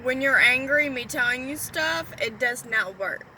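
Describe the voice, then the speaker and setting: A woman with a very bright, sharp voice answers calmly and plainly from beside the host. She sits well back from the microphone. Faint traffic noise runs underneath. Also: high-pitched, a little slow, distant mic, rough recording. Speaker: host's partner. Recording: voice from off the mic.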